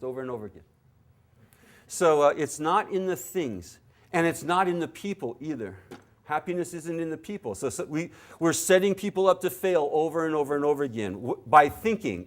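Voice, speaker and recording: A man teaching a dharma talk to a live audience at a meditation center, animated and acting out little quoted scenes. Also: on the high side, normal speed. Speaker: spiritual teacher.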